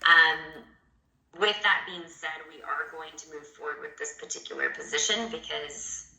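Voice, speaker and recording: A woman's voice: deep voice, normal speed, gravelly, sharp tone, echoey room, low-quality recording. A woman who leads a sales team interviews a candidate over a video call from a hotel room. She is polite and rambles with many fillers.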